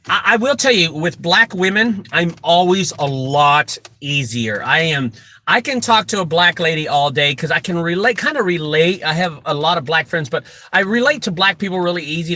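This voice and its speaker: A man who runs a junk removal business, telling animated, joking stories full of asides as he gives casual advice. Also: a little high, moderate pace. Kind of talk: casual storytelling advice talk.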